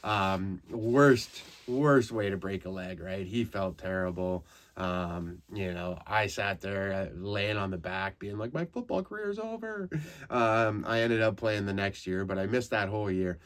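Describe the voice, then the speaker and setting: A man from Canada, a comedian hosting a podcast, telling rambling, profane stories in casual comic style that turn loud and animated in the retellings. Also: low voice, a little slow.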